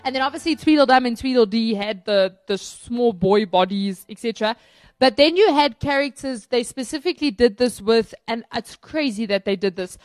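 A woman's voice: a little high, lively intonation, moderate pace, darkish tone, dry recording, faint music behind. A woman chatting casually and enthusiastically as co-host of a film review, with lots of fillers and restarts. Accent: South African.

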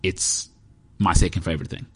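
A man with a low, moderately paced voice that's a bit bright and slightly rough hosts his own podcast. Chatting solo in a heated indoor room, he rambles, jokes, and pokes fun at himself in a casual monologue.

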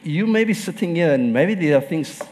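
A man preaches from the pulpit, his slightly higher voice carrying a long reverb through a church hall. He shares personal stories and breaks into laughter often. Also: expressive, normal speed, darkish tone, a little hiss or hum. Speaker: pastor. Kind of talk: sermon.

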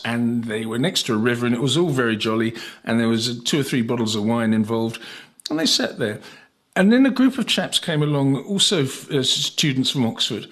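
A man from England hosts a conversational interview and spins out a chatty anecdote with fillers and asides. His pitch is mid-range and ordinary. He talks like a broadcaster at ease. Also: a bit bright. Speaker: host, broadcaster.

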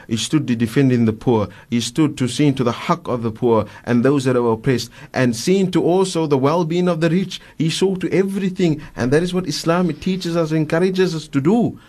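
A man in a radio studio, a guest scholar with a South African accent, telling religious stories in an animated way, acting out the quotes, with many fillers. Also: on the high side. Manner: animated storyteller, acts out quotes, frequent fillers. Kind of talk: radio religious talk, storytelling.

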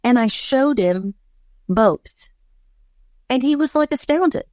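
A woman's voice: a little high, animated, slow, a little mellow, no echo. A woman in an interview, speaking candidly about her husband and laughing now and then while telling hard memories. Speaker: interviewee, wife of a former football player. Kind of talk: personal interview.

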